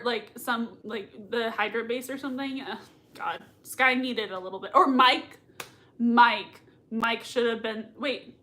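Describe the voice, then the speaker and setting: A high-pitched woman chats excitedly on a live reaction stream. She reads out viewer comments and gushes about the episode, breaking into giggles often. Her talk is casual and full of fillers. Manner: gushing and excitable, frequent laughter. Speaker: livestream host reacting to a TV episode.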